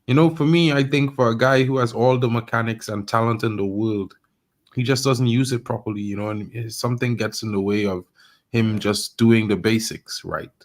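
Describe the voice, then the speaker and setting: A man on a fan panel giving measured opinions in a casual chat. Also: mid-range voice, steady tone.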